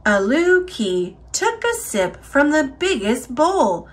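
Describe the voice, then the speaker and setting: A woman reading a children's picture book aloud in an expressive, deliberate storytelling manner. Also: sits high, slight background noise. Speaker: storybook reader.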